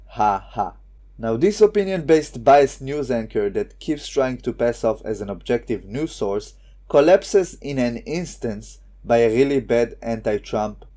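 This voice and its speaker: A man's voice: medium pitch, mellow. A man delivering scripted online political commentary in a sarcastic, scornful way.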